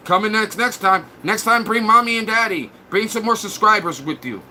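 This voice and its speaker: A man's voice: sits high, moderate pace, sharp tone, slight background noise. A man live streaming, mocking and trash-talking viewers in his chat in a blunt, crude way.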